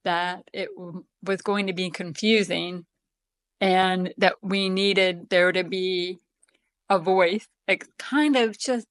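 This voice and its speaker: A woman's voice: on the low side, fairly even intonation, slow, dry recording. A woman with a deaf accent, where some sounds come out a little different, chatting casually as an interview guest with lots of ums and self-deprecating humor. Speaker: guest author.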